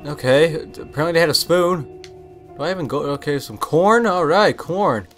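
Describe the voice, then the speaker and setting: A young man giving casual let's-play commentary, full of excited, puzzled exclamations. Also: on the high side, moderate pace. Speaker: gameplay commentator. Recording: game music under voice.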